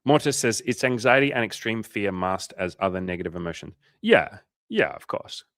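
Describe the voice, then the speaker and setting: Casual low-voiced man coaching on stream. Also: sing-song, moderate pace, a bit bright, no room sound, clean studio sound. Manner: casual, swearing, joking, reassuring. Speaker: dating coach. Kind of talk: casual livestream chat reading viewer comments.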